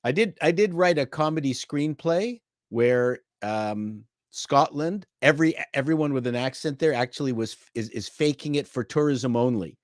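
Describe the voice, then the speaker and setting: A man's voice: mid-range voice, normal speed, few pauses, no echo, clean studio sound. A man chatting casually as a podcast panelist, rambling and joking, from a home basement. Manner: jokey, rambling storyteller.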